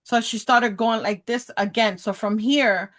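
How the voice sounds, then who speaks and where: Woman, 30s, bright clear voice, casual storytelling, animated, mimics dialogue. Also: fairly high pitch, unhurried. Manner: animated, acts out quoted dialogue, talks with her hands. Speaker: podcast guest.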